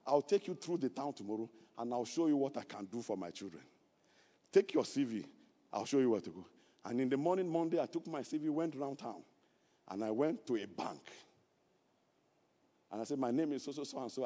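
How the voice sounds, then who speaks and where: A Nigerian man preaching a sermon, telling a personal story and building to loud, emphatic preaching. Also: medium pitch, big-room sound. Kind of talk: sermon testimony.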